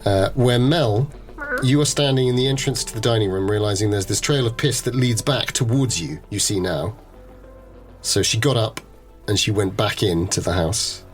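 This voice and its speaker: A man's voice: lowish voice, normal speed, soft background music. A man running a tabletop horror game as game master, narrating in a musing, hesitant way. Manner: musing, hesitant, many restarts.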